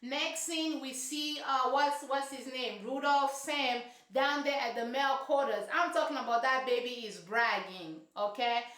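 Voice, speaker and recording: A woman's voice: sits high, unhurried, hardly any pauses, fairly bright tone. A woman reviewing a reality show in casual, sassy, emphatic commentary full of slang. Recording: roomy echo.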